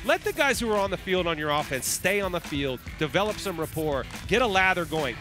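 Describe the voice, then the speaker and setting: A male football analyst who once played the game, talking fast and with conviction. His voice sits a little high. Faint music plays underneath. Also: sing-song. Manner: emphatic, opinionated breakdowns. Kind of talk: sports talk analysis.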